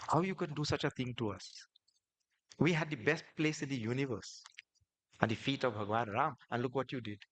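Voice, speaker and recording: A man's voice: fairly quick, a bit bright, lightly acted, poor audio. A man putting on a chorus of weeping dust specks. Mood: wailing reproach. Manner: plaintive, reproachful, lifted pitch. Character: crowd of weeping dust specks at the Lord's feet.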